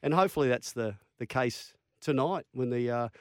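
At a normal pace and in a mid-range voice, an Australian ex-rugby league player in his fifties swaps stories as an interview guest. The studio-quality recording has no echo, and he acts out quotes with gusto, laughing at his own yarns.

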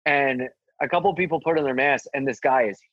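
Animated storytelling man, husky voice. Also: fast talker, no room sound, dull audio. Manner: animated, acts out quotes in a higher voice. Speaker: stand-up comedian guest. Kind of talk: casual storytelling chat.

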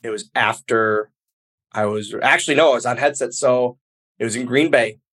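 Brief: male interview guest, mid-pitched, animated storyteller who acts out quotes, casual and chatty. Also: normal speed. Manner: animated, acts out quoted dialogue, many fillers like "like". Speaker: guest, professional wrestler.

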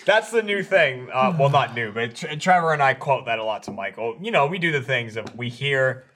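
A man's voice: mid-range voice, animated, moderate pace, fairly bright tone, a little hiss or hum. A man chatting in a dry, plain-spoken way on a casual group podcast. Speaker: podcast regular.

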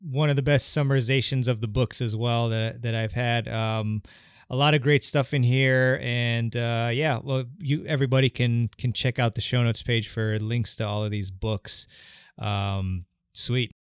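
A man's voice: mid-range voice, steady tone, a little slow, clean tone, dry recording, studio quality. A man hosting a podcast interview, friendly and a little hesitant, with many fillers. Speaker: podcast host.

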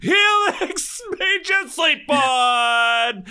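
A boastful wrestler taunts in a bright, lively voice, as a man puts him on. He shouts his catchphrases on a video call. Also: very high voice, drawn-out words, pitched above the performer's own voice, heavily acted. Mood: boastful taunting. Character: booming wrestler impression, taunting, male adult.

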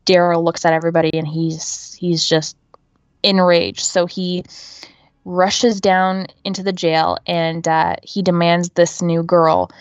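A woman's voice: lowish voice, level tone, unhurried, no room sound, muffled recording. A woman co-hosting a podcast, giving a casual, chatty recap full of fillers like "um" and "you know". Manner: chatty, filler-heavy retelling. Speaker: podcast co-host.

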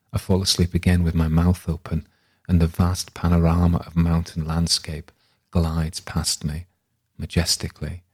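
Deep husky guy doing a slow thoughtful audiobook read of a novel. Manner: measured, reflective narration. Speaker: reader. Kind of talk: literary audiobook reading.

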